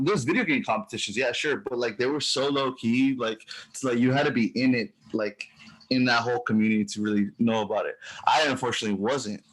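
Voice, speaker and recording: A man's voice: mid-range voice, fairly bright tone, rough recording. A man, a streamer guest on a podcast, chatting casually in a laid-back way, swearing freely and laughing often. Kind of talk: casual chat.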